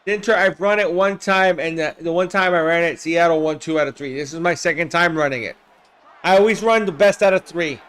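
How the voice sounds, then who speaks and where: A man hosting a live game simulation stream, calling plays with excitement, shouting on big plays and chatting with viewers by name. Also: a little high, fairly quick, clean tone. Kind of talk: live play-by-play commentary with chat replies.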